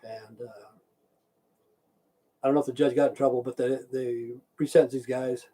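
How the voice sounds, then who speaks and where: A livestream host's husky, dark voice sits at medium pitch, with fairly even intonation and a moderate pace, on a low-quality recording. His casual rant rambles, swears a lot, leans on "okay," and includes replies to viewers in the chat.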